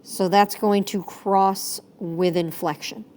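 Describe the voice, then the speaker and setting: A woman's voice: mid-range voice, fairly even intonation, takes it slowly, darkish tone. A woman teaching a math lesson in a chatty, playful way, correcting herself as she goes. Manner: chatty, self-correcting, playful sound effects.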